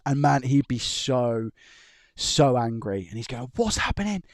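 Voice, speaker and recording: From his room at home, an electronics repair streamer speaks unhurriedly in a steady, medium-pitched voice. He chats casually, rambling and chuckling through stories and restarting sentences, in a studio-quality recording with no room sound.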